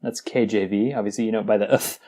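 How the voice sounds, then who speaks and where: A man's voice: fairly low pitch, steady tone, quick pace, warm tone. A man co-hosting a podcast, reading scripture aloud and mocking it with crude jokes and frequent laughter. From Las Vegas. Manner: crude jokey, laughs often. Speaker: podcast co-host. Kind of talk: irreverent comedic scripture reading.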